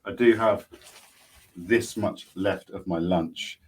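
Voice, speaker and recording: Male co-host, deep husky voice, laid-back chatty delivery. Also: slow. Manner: chatty, munching through lunch while talking. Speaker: podcast co-host. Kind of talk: casual chat.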